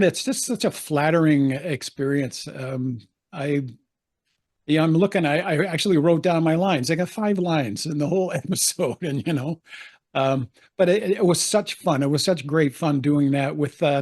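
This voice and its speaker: A man's voice: on the high side, a little mellow. An older man, an actor, telling anecdotes in a chatty interview, laughing often and acting out the voices he quotes. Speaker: actor guest.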